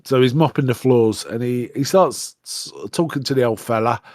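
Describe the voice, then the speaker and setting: A man hosting a podcast, recapping a film in casual chat, rambling and halting with restarts. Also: medium pitch, darkish tone, no echo, clean studio sound. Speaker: podcast co-host.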